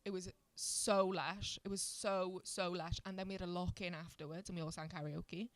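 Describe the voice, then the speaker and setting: A woman's voice: lowish voice, moderate pace, no echo. A woman in her thirties from Wales, a stand-up comedian, telling stories in casual podcast chat with frequent laughter. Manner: animated storyteller, laughs often.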